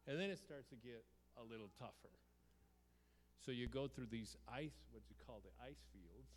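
Man, preacher, storytelling sermon, lively, acts out dialogue, mid-pitched voice, long hall echo. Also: moderate pace. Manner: lively, acts out his own shouts and dialogue.

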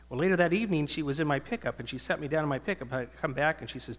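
A man's voice: on the high side, expressive, fast talker, few pauses, a bit bright. A male pastor giving an earnest sermon that swells into emphatic preaching, in a church hall with long reverb.

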